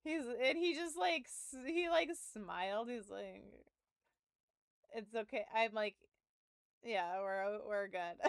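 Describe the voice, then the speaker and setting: A woman's voice: on the high side, clean tone, no room sound. A young adult woman streaming from home, telling a story in casual chat with laughs and profanity, close to her mic. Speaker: game streamer.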